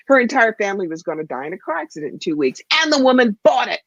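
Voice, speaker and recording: A woman guest, a psychic medium and author, telling stories in an interview in a punchy, animated way. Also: medium pitch, very fast, dry recording, muffled recording. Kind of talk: interview storytelling.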